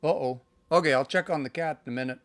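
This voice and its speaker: A man giving a casual live-stream language lesson from home. He thinks aloud and sounds out words slowly. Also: on the high side, no room sound. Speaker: language teacher.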